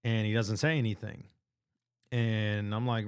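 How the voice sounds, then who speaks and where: Man, low voice, smooth clear tone, earnest casual vlog, slangy, restarts sentences. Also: flat delivery, fairly quick. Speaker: vlogger sharing weight-loss progress. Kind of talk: casual motivational monologue.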